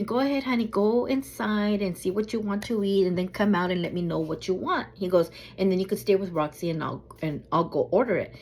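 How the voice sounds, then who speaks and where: A woman vlogger telling a travel story in a casual way, acting out what people said with a high, lively voice. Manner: animated, acts out quotes in a high voice.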